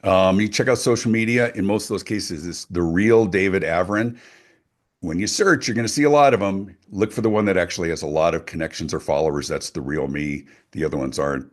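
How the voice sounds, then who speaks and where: A middle-aged man, a guest speaker and author, talking emphatically in an interview. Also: low-pitched. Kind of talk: animated interview talk.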